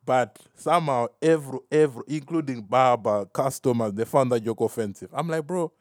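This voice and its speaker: On his solo podcast, the host speaks fairly quickly in a mid-range voice, with studio-quality sound and no echo. He wanders between topics, self-mocking, chuckling at his own jokes and sprinkling in "fam."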